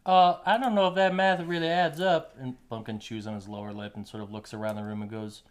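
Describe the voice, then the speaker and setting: A man's voice: medium pitch, flat delivery, fairly quick, natural voice. A man voicing a dim, eager-to-please little companion in a raised, goofy voice. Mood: unsure.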